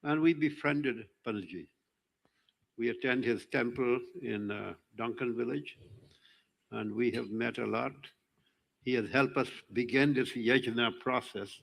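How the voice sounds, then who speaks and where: A man's voice: mid-range voice, a little slow, vocal fry, fairly bright tone, rough recording. An older man from Trinidad, giving a rambling, joking speech to an audience at a live religious event on a handheld mic. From Trinidad and Tobago. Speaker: community speaker at the event.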